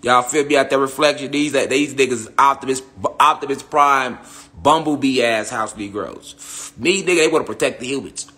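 Delivering a heated, profane rant to his online followers, a young spiritual commentator repeats himself and keeps tossing out tag questions. He speaks at a moderate pace in a mid-range voice that is bright and forceful.

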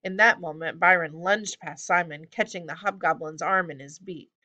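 A woman reading a children's fantasy story aloud at a steady pace. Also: on the low side, moderate pace. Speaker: audiobook reader. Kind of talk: storybook narration.

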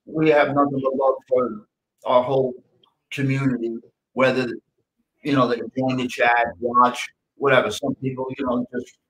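A man hosting an interview podcast, speaking hesitantly with many pauses. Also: medium pitch, a bit bright, slightly rough, rough recording. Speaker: podcast host. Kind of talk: casual interview.

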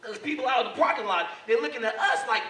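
Guy doing stand-up in a club, bright lively voice, echoey room, mic kinda far. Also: very high-pitched, quick pace. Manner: animated storytelling. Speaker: stand-up comedian and host. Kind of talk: stand-up comedy. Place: live comedy club.

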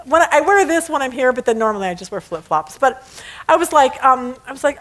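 Animated woman teaching Bible study. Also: high-pitched, fast talker, rough recording. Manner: animated, laughing, acts out scenes. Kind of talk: casual teaching lesson.

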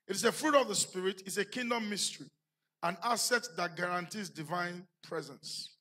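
A man with a Nigerian English accent preaching a sermon in a church, building to shouted emphasis and putting questions to the congregation. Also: high voice, moderate pace. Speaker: pastor.

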